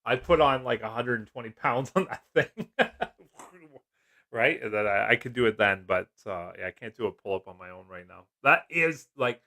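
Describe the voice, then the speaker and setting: A man's voice: medium pitch, expressive, moderate pace, bright, forceful tone. A middle-aged man hosting a casual live stream, jokey and chatty, laughing often as he reads comments. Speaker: livestream host.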